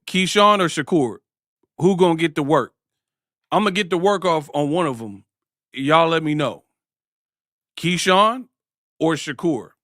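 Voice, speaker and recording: A man hosts a live-stream sports talk show, talking in slang, cracking jokes, and repeatedly slipping into impressions. His voice is on the high side and a bit bright. The studio-quality recording has no echo.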